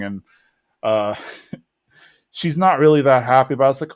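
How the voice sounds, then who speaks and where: A man's voice: medium pitch, lively intonation, a little slow, pauses often. Casual man recapping a show. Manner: retells scenes, briefly mimicking characters. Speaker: podcast co-host. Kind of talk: casual episode recap chat.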